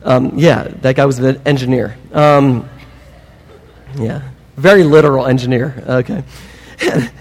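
A man preaching a sermon, emphatic and animated, with humorous asides. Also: medium pitch, measured pace, long pauses, breathy edge, big-room sound. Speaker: pastor.

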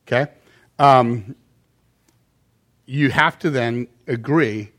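A man's voice: medium pitch, measured pace, pauses often. A man preaching a sermon to a church congregation, in a conversational style that keeps checking in with "okay?" and acts out quotes. He sometimes moves off the microphone. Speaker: pastor.

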